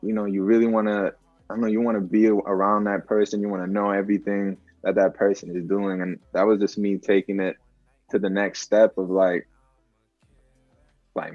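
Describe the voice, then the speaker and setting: A young musician guest on a video call chats reflectively in a casual interview, relaxed, saying "like" often, with fillers throughout. His voice is lowish at normal speed, and the recording is dry with soft background music, though the call audio is dull and lo-fi.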